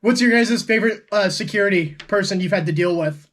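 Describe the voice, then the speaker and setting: A man's voice: high voice, fairly quick, a bit bright. A man hosting a comedy podcast, asking his guests questions and laughing along with them. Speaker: podcast host. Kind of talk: casual chat, asking questions.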